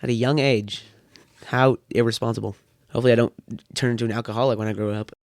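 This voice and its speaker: A thirteen-year-old boy talks as a podcast guest, rambling through his thoughts with a dry, teasing wit. His voice sits at a middling pitch for a male speaker. The recording is close and dry, with no room sound. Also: steady tone, fast, no room sound. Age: teens. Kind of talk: casual chat.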